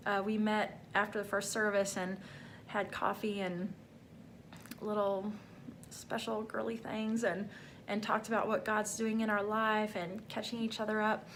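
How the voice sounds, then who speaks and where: A woman's voice: medium pitch, little pitch movement, measured pace, a bit bright, slight background noise. A middle-aged woman vlogging a personal faith testimony, talking in a rambling, heartfelt way full of fillers.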